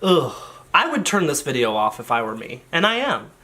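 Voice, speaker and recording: A young man riffing in a rambling comic monologue to camera, self-deprecating with deadpan asides and swearing. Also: medium pitch, fairly quick. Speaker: comedy vlogger.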